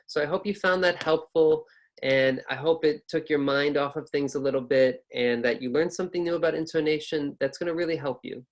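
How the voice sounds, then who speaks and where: A man's voice: on the high side, fairly even intonation, fairly quick. A man teaching a pronunciation lesson, exaggerating rises and falls in his voice to demonstrate, repeating points patiently and encouragingly.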